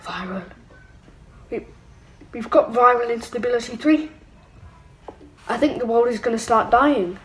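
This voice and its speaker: A young woman giving excitable, playful let's-play commentary with mock-evil asides. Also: on the high side, unhurried, long pauses, poor audio. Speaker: gaming channel host. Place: home room.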